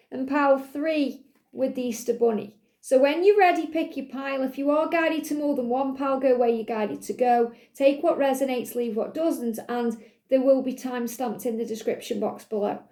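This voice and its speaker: A tarot card reader guides viewers through a card reading, speaking soothingly and repetitively while addressing the listener directly. Her voice is high with a dark tone, and the sound is reverberant.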